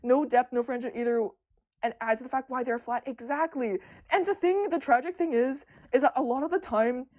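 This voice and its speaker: A woman streamer chatting casually with her viewers, excitable and stumbling over her words with a stutter. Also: high voice, fairly quick, dull audio. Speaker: streamer discussing comics with chat. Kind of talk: casual livestream chat.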